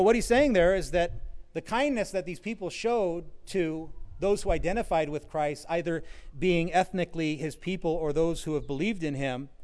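A man preaching an earnest sermon, his voice sitting a little higher than most men's. He leans into key phrases by getting louder, then drops back down, and now and then slips in a dry bit of humor. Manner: earnest, varies loudness for emphasis, occasional wry humor. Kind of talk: sermon on scripture.

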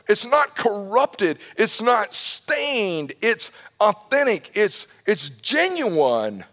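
A man preaching a sermon as pastor, emphatic, swinging between shouted lines and soft low asides, often repeating the first word of a phrase. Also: very animated, extremely slow, few pauses. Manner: repeats words when starting a phrase.

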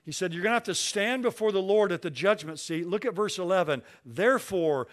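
A preacher delivering a sermon in a slightly high-pitched male voice. He reads scripture slowly, pressing hard on each key phrase, and explains it in a plain, conversational way. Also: expressive. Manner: slows down and stresses key phrases when reading scripture. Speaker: pastor.

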